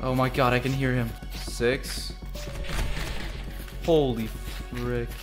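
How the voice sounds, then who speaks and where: A young man hosting a gaming video, giving excited play-by-play that jumps between low mutters and sudden yelps and shouts. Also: unhurried, music in the background. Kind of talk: excited gameplay commentary.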